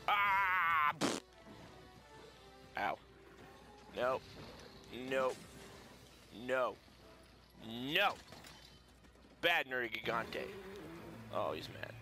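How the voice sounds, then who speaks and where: A man giving playful let's-play commentary, excitable and jokey, taunting the monster he fights. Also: mid-range voice, extremely slow, long pauses, faint music behind. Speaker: gaming YouTuber.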